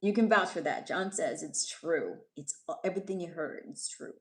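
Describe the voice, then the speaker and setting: A woman's voice: on the low side, moderate pace. A woman from New York City hosting a livestream, chatting casually with viewers, reading their comments and teasing or scolding them. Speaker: livestream host. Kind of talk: casual live-stream chat reading comments.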